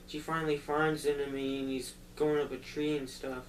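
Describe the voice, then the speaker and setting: A man casually retelling a movie plot for a review, rambling loosely and filling pauses with "like" and "um". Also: medium pitch, level tone. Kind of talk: casual spoken movie recap. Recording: roomy echo, distant mic, faint hum.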